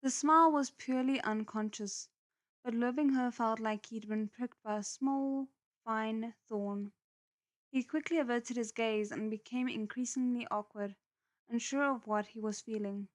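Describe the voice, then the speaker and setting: Expressive woman reading a novel aloud. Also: on the high side, a little slow. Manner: chatty, expressive asides between passages. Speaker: novel reader. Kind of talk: live novel readalong with chatty asides.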